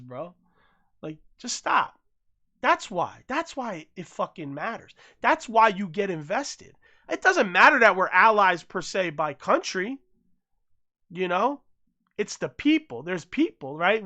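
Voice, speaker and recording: An American podcast host giving casual, profane commentary that swings from mumbled asides to loud rants. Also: mid-range voice, expressive, normal speed. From United States.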